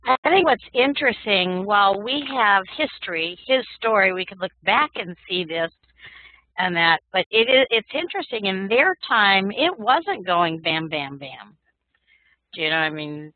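Female class participant, reflective, mid-pitched, phone-line quality. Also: lively intonation, moderate pace, dry recording. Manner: thoughtful, musing, with fillers. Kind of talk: group discussion.

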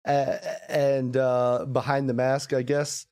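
A man playing a tabletop game, describing his character's actions haltingly. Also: medium pitch, flat delivery, a little mellow, clear, resonant tone. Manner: halting, tentative. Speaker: player. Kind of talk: casual tabletop game chat.

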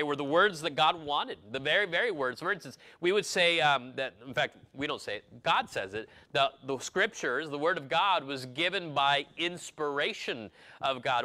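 A man's voice: mid-range voice, bright, forceful tone. A male pastor preaching a sermon in a church, shifting from easygoing conversational asides to emphatic declarations. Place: church sanctuary.

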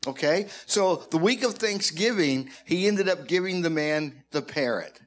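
Man pastor in church, casual and joking, voice a touch high. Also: expressive, a little slow. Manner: joking, conversational, addresses the congregation directly. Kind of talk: sermon.

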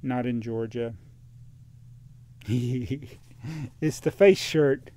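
A man's voice: mid-range voice, very slow, dark tone, dry recording. A man venting about damaged packaging while unboxing toys, chatty and exasperated, reading viewer comments aloud. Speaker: toy collector vlogger. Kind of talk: casual unboxing rant.

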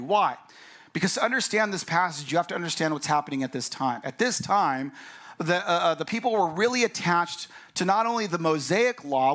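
A man's voice: high-pitched, lively intonation, moderate pace, a bit bright. A male pastor giving a conversational sermon, acting out the voices of the people he quotes.

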